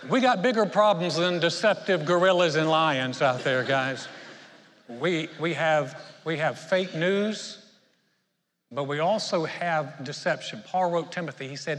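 A man's voice: on the high side, unhurried, a bit bright, big-room sound. A pastor preaching a sermon, telling a joke story and then urging his listeners with growing emphasis. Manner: storytelling with jokes, rising to emphatic exhortation. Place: church sanctuary.

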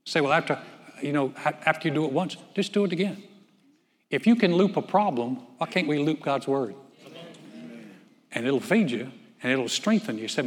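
A pastor preaches to his congregation in an easy, conversational way, restarting phrases and throwing questions out to the room. His voice sits a little high for a man. The sound carries the long reverb of a church hall. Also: normal speed, fairly bright tone. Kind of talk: sermon.

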